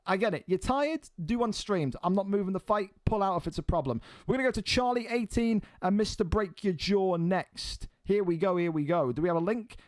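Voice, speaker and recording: A man's voice: sits high, brisk, hardly any pauses, no echo. Blunt man commentating a live stream. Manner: blunt and exasperated, swears freely. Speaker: host and commentator of an online game fight league.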